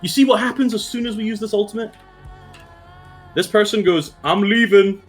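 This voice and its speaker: A man's voice: sits high, brisk, faint music behind. Blunt man coaching a team. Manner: direct, blunt, swears, keeps checking in with "yeah?" and "okay?". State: has the hiccups. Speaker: esports coach. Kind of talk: team VOD review.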